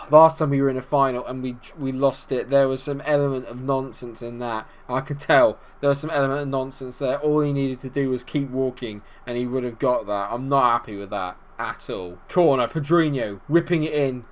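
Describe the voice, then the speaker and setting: Excitable man yelling at a football sim. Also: mid-range voice, moderate pace, few pauses. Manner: swings from muttering to shouting at the match. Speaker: gaming YouTuber. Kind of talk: excitable gameplay commentary.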